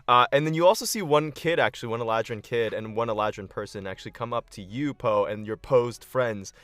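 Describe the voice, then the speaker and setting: A man narrating as game master in a tabletop game, animated and casual, with fillers. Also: medium pitch, brisk, no room sound.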